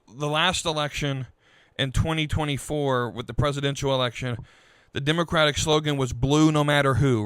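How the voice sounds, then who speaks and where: A man's voice: a little high, sharp tone, smooth, no echo, studio quality. Frustrated man ranting on a podcast. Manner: frustrated, halting, many restarts. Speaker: podcast host. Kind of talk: political rant.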